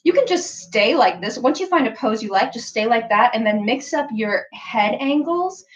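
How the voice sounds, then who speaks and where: A sewing pattern designer hosts a casual live-stream tutorial, chatty and playful, with lots of "like" and "um" and bursts of playful sounds. Her voice is a little high, animated and at normal speed. The recording is rough.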